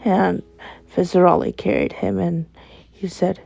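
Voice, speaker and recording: A woman's voice: lowish voice, steady tone, slow pace, gravelly, pauses often, mellow, faint music behind. A woman telling an improvised story, chaining events together with "and then" in a rambling way.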